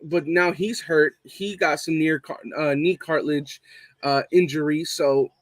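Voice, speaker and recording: A man's voice: a little high, fairly even intonation, measured pace. A young man hosting a casual live fan stream, swearing a lot and repeating his points for emphasis. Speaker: fan show host reading live chat.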